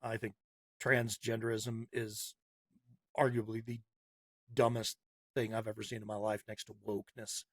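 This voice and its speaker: A man's voice: on the low side, little pitch movement, moderate pace, long pauses, husky, dry recording, studio quality. A man hosting a podcast, delivering a heated, sarcastic opinion monologue with punchy repetition. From Massachusetts. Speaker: podcast host.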